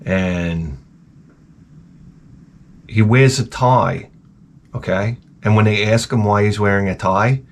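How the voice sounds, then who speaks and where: A man rambling in a casual, profane rant full of dark jokes, as a gaming vlogger. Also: lowish voice, slow pace, long pauses. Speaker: retro gaming YouTuber.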